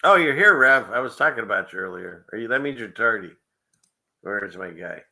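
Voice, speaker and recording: A man's voice: fairly low pitch, expressive, fairly quick, vocal fry, pushed and bright. A man hosting a casual livestream show, rambling through clips with frequent chuckles and conspiratorial asides. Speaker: show host.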